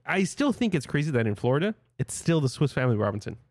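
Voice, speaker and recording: A young man co-hosting a casual podcast, quick to agree and laugh. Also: mid-range voice, big pitch swings, a little mellow, no room sound, studio quality. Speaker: podcast co-host. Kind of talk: casual chat.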